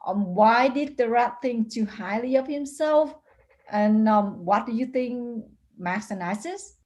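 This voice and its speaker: A woman's voice: fairly high pitch, animated, a little slow, darkish tone. A woman hosting a children's storytime show, asking the kids at home questions in a friendly way with small hesitations.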